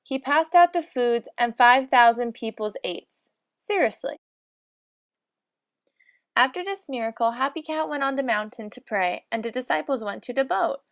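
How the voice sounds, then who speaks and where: A narrator, a woman with a slightly high voice, reads a comic storybook in mock-solemn lolcat speak at a moderate pace. The recording is dry and close, with no room sound.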